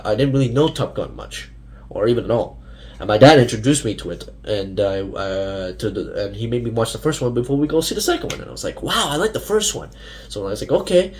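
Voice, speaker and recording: A man's voice: lowish voice, a little mellow. A young man ranting casually to camera as a fan vlogger, rambling with many fillers and restarts.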